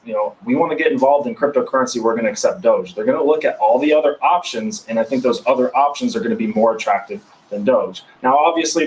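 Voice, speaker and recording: A man speaking as a guest on a casual roundtable, explaining his views in a measured way. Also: medium pitch, a little hiss or hum, low-quality recording. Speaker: guest panelist.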